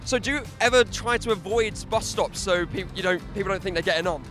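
A man's voice: high voice, over music. A young man presenting for student TV, upbeat and joking as he interviews people at an outdoor festival. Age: young adult. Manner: upbeat, joking, quick banter. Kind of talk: roving interviewer.

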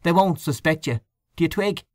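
A man's voice: fairly high pitch, animated, moderate pace, no room sound, clean studio sound, voice pushed up, lightly acted. Man voicing a scornful gossipy canvasser. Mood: conspiratorial. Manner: scornful, snuffling, conspiratorial. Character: grumbling gossipy middle-aged male canvasser.

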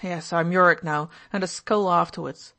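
A woman's voice: on the low side, fairly even intonation, normal speed, sharp tone. A woman reading the part of an impulsive, brooding young man who talks in an expansive, feverish way. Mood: melancholy. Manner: expansive, feverish, then dreamy.

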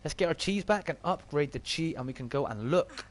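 The streamer from Bristol sounds animated here, his voice on the high side and fairly quick. He keeps up his chatty live commentary and chat replies in his Bristolian accent, with a little hiss or hum in the background.

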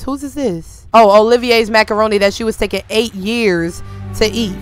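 A young woman casually commenting on her gameplay for viewers, excitable and quick to exclaim, with a lot of casual slang. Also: fairly high pitch, soft background music. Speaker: game streamer.

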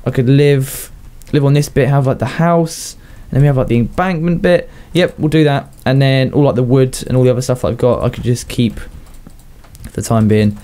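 With a Southern English accent and a warm, mellow voice of ordinary pitch, a young gaming YouTuber rambles through casual Minecraft commentary at normal speed. He chats to himself and chuckles often at his own jokes.

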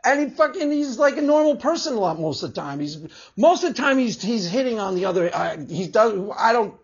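High-voiced, husky man ranting with profanity. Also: sing-song, fairly quick. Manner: swears heavily, laughs often, mocking. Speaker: vlogger. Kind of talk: profane opinion rant. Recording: dull lo-fi recording.

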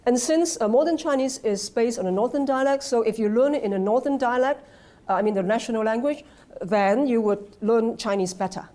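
A woman with a Hong Kong accent giving an academic lecture, halting with many fillers and restarts, often checking with the audience. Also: on the high side, mellow. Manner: conversational, asks the audience "right?". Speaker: guest lecturer. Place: lecture hall.

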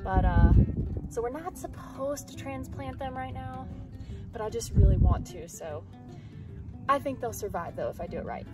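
A woman's voice: on the high side, animated, moderate pace, loud music behind the voice. A young American woman in her twenties chatting casually at home as she gardens, bubbly, hyper and rambling. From United States. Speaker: vlogger. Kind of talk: casual chat while gardening. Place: at home, indoors and in the yard.

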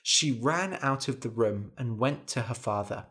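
A man narrating a simple storybook tale for language learners, clear and deliberate. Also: medium pitch, steady tone.

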